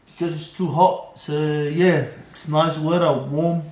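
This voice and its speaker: A man's voice: on the high side, steady tone, measured pace, a little mellow. A man joking around in casual banter as co-host of a home vlog, playful and teasing. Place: home, indoors. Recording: echoey room with music behind.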